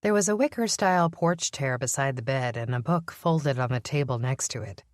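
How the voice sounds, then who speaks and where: A woman narrating an audiobook in an even, measured reading. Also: deep voice, dry recording, clean studio sound. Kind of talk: scripted narration.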